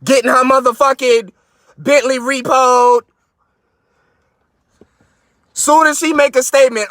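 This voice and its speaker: High, bright-voiced man ranting in his car. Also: normal speed, dry recording. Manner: loud, mocking and boastful, swinging his pitch way up in outbursts. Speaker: podcast host. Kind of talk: profane comedic rant.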